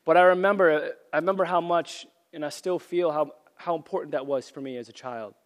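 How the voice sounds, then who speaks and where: A man's voice: fairly high pitch, fairly quick. A man preaching a sermon, earnest and repeating phrases for emphasis, losing his voice from a cold. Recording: long reverb of a large hall.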